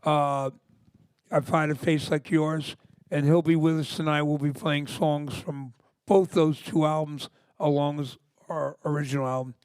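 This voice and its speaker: A man's voice: on the high side, flat delivery, unhurried, a little mellow, smooth, dry recording, clean studio sound. A man in his sixties, a punk singer, telling stories in a rambling, enthusiastic way during a live interview before an audience. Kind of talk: casual live interview talk. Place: library music department before an audience.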